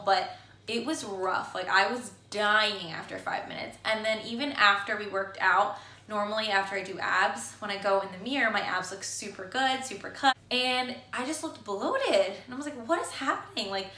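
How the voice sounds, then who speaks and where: Casting: American woman, 30s, chatty home vlogger, bright voice, roomy echo. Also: mid-range voice, normal speed. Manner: chatty, lots of "like" and restarts. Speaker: vlogger, stay-at-home mom. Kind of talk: casual chat to camera. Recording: echoey room.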